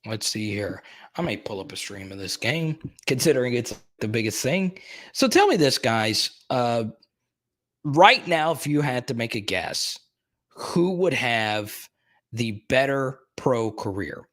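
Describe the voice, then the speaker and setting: A man hosting a live sports stream, chatting casually and excitedly with his viewers and often repeating himself. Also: medium pitch, a little slow. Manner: excitable, talks straight to the chat, repeats himself.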